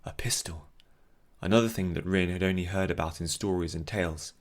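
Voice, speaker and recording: A male narrator reads a fantasy novel aloud in a steady, measured way. His voice sits very low and deep throughout. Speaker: audiobook narrator.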